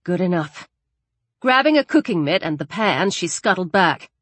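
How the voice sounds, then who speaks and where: A woman's voice: medium pitch, very animated, fairly bright tone, no room sound. Woman narrating a horror audiobook. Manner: measured, dramatic reading.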